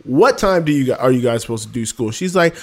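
A man's voice: mid-range voice, lively intonation, fast talker, darkish tone. A man telling a story in casual chat, acting out the dialogue with exasperated outbursts.

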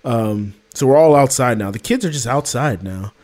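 A man's voice: medium pitch, animated, moderate pace, darkish tone. A man telling a story in casual chat, acting out the dialogue with exasperated outbursts.

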